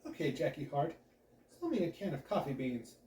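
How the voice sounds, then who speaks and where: A man's voice: fairly high pitch, big pitch swings, mellow, slight background noise. A man voicing a demanding adult acting teacher who coaches a class, in a roomy room with the mic set back. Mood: coaching. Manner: upbeat coaching, quick to judge. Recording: roomy echo, mic at a distance.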